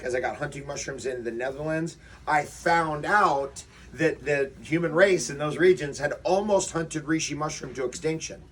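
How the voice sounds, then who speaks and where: Man leading an outdoor workshop, lively and chatty, recorded from a distance with faint noise. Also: fairly high pitch. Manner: animated, acts out quotes, rhetorical questions. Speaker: workshop leader. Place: outdoors before a forest walk.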